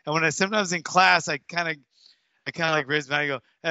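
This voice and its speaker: A man's voice: a little high, steady tone, fast talker, pushed and bright, dry recording. A man in his fifties from Hawaii, a martial arts coach telling stories in a casual interview with many restarts. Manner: rambling, with many restarts and fillers. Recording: dull, dry, lo-fi sound.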